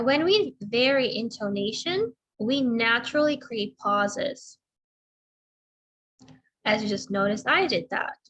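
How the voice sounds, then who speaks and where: Woman, middle-aged, speech therapist, slow careful teaching talk, fairly high voice. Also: a bit bright, low-quality recording. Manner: slow, deliberate explaining with demonstrated intonation. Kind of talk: instructional talk to camera.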